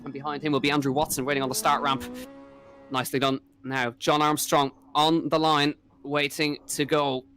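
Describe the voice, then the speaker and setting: A man's voice: a little high, level tone, moderate pace. A man giving fluent live play-by-play race commentary, with promotional asides.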